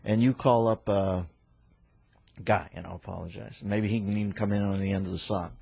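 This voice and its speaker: A man hosting a radio talk show, firing off quick wisecracks and pop culture jokes in casual banter from the studio. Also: on the low side, steady tone, creaky, a little mellow, breathy edge, no echo, lo-fi sound. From United States. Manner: rapid-fire wisecracks and pop culture riffs.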